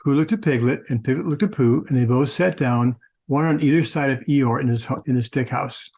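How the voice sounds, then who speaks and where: A man's voice: medium pitch, fairly quick, vocal fry, darkish tone. A man hosting a talk show, telling and reading stories aloud in a conversational manner with frequent restarts. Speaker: podcast host. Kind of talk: casual storytelling, reading aloud.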